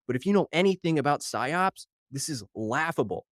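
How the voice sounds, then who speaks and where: A man hosting his own podcast solo, talking in an animated, worked-up way and slightly out of breath from too much coffee, mocking the headlines he reads. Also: fairly high pitch, normal speed, dry recording, studio quality. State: over-caffeinated, slightly out of breath. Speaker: podcast host.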